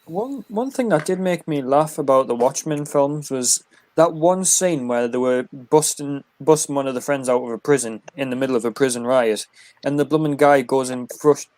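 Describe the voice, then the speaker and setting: A man's voice: medium pitch, normal speed, darkish tone, no echo. Laid-back man in casual chat, dry sound. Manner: rambling, laughs at his own stories. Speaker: podcast co-host.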